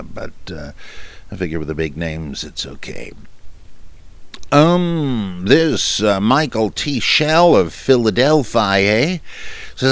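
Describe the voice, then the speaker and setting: A man hosting a podcast, chatting casually and haltingly with many fillers as he answers listener questions, with self-deprecating humor. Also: fairly low pitch, a bit bright, no echo. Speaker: podcast host.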